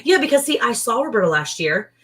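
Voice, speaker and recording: A woman co-hosting a casual livestream, chatty and rambling, often quoting people in lively voices. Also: fairly high pitch, fast talker. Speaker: livestream co-host.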